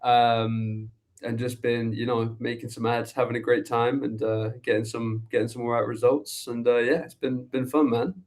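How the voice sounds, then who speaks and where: A man's voice: mid-range voice, normal speed. Laid-back English man chatting. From England. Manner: relaxed, laughing, many fillers. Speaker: guest, agency co-founder. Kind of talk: casual interview chat.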